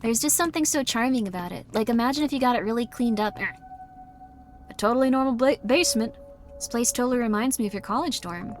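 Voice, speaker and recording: Woman streamer, higher voice, casual horror game chatter with faint background music. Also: fast. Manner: chatty, jokey reactions, sudden loud outbursts.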